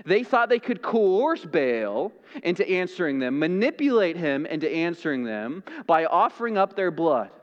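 A man preaching a sermon as pastor, dramatic, swinging from loud to hushed. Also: on the high side, sing-song, normal speed, few pauses, long reverb tail, lo-fi sound.

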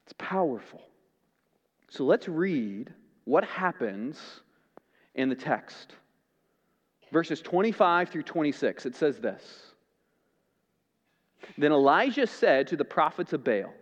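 Lively high-voiced preaching man. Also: measured pace, pauses often, big-room sound, muffled recording. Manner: dramatic, swings from loud to hushed. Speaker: pastor. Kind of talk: sermon.

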